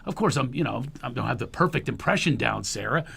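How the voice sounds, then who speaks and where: A man's voice: medium pitch, expressive, fast talker, gravelly, a bit bright. A middle-aged man hosting a show, telling a funny story with animation and acting out the voices of the people in it. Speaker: host. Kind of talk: comic storytelling.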